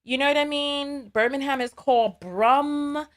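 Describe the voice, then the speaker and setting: A woman's voice: high voice, unhurried. A woman hosting a live call-in show, talking in a conversational, digressive way and taking calls.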